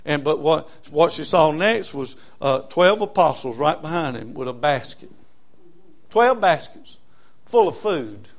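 Folksy preacher, high voice. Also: male voice. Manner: folksy preaching, swings from loud emphasis to low asides. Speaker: pastor. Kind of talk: sermon.

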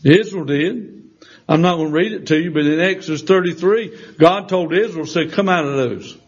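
A man's voice: fairly high pitch, moderate pace, husky. A man preaching a sermon, telling a personal testimony in a folksy way, with restarts and acted-out quoted voices. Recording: dull lo-fi sound.

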